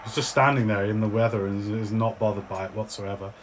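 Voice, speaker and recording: A man running a tabletop game as game master, narrating in a relaxed, meandering way with frequent restarts. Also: on the low side, fast talker, a little hiss or hum, poor audio.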